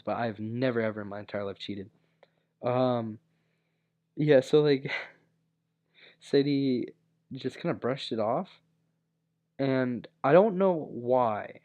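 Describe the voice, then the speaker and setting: A man's voice: mid-range voice, darkish tone. A young man casually telling a personal story, rambling with many fillers and restarts. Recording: dull lo-fi recording.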